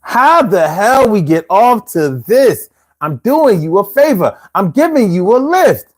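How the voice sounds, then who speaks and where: A man's voice: high voice, sing-song, measured pace. A man hosting a casual live show, telling stories in loose slang and laughing often. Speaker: show host.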